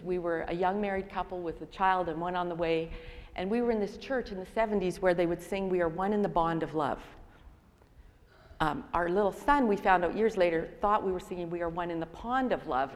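An older woman giving a sermon, telling stories in a self-deprecating way. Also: mid-range voice. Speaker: speaker. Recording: long reverb in a large hall.

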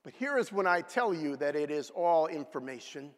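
A man preaching a sermon with dramatic swings between loud exclamations and hushed whispers. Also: fairly high pitch, sing-song, normal speed. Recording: long reverb of a large hall.

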